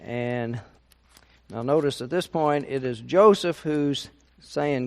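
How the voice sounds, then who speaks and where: A man leading a Bible study, reading a chapter aloud and adding his own unhurried comments. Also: mid-range voice, gravelly. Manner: unhurried, reads aloud with asides. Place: church meeting room.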